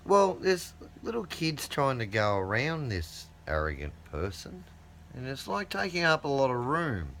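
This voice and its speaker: A man's voice: mid-range voice, huge pitch swings, unhurried, fairly bright tone, slight background noise. A middle-aged man, telling a rambling, profane anecdote in a casual way. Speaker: storyteller.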